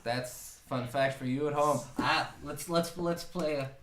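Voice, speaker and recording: A man's voice: on the high side, measured pace, fairly bright tone. A man hosting a live folk music showcase, chatting casually and joking as he rambles along. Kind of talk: casual live-stream chat. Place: private room in a home venue. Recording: echoey room.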